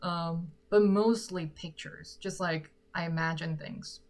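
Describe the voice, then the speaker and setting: Woman with an american accent chatting on a livestream from her room, kinda low voice, rambly and joking about herself. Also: steady tone, takes it slowly, darkish tone. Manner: chatty and self-deprecating. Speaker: singer and livestream host. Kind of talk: casual livestream Q&A. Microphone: sock-covered microphone.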